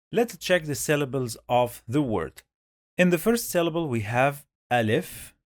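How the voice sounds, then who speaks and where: Male teacher, slow, dry close sound, repeats sounds for beginners. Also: medium pitch, dry recording. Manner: drills sounds by repeating them many times. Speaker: Arabic reading teacher. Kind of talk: slow step-by-step pronunciation lesson.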